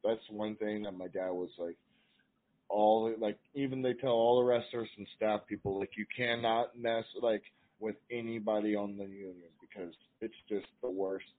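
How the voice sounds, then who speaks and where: A man's voice: lowish voice, fairly even intonation, normal speed. A man, a guest in a casual chat, explaining things loosely with lots of fillers. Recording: tinny phone-like line.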